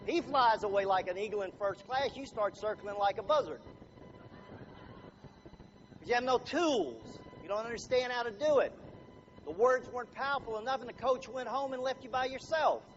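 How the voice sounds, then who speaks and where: High-voiced animated seminar speaker, man. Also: moderate pace, slight background noise. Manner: animated, jokey, acts out little scenes. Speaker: motivational speaker. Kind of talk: seminar talk to a live audience. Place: room with live audience. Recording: dull lo-fi recording, faint ambience.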